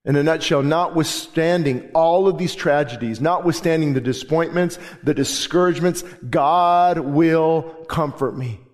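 A man's voice: a little high, normal speed, hardly any pauses. A man preaching a sermon as pastor in a church, fervent and emphatic, hammering home repeated phrases. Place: church sanctuary. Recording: long reverb of a large hall.

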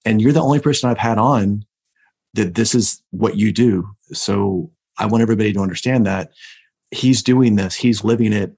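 A man's voice: fairly low pitch, normal speed, a little mellow, husky. A man hosting a podcast, enthusiastic and telling stories as he talks with his guest. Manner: enthusiastic, storytelling. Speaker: podcast host. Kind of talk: casual interview talk.

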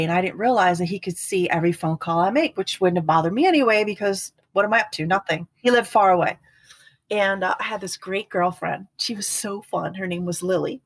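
Woman in her 50s talking abuse on a podcast, earnest and lively, husky lowish voice, dry sound. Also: no room sound. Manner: earnest, animated storyteller who acts out quotes. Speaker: guest speaker on partner abuse. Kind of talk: casual podcast conversation.

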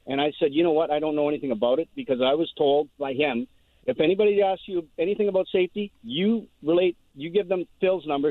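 A caller on a dry, tinny phone line tells his story in a rushed ramble. His voice sits fairly high for a man, and he races along, repeating words as he goes. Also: no room sound.

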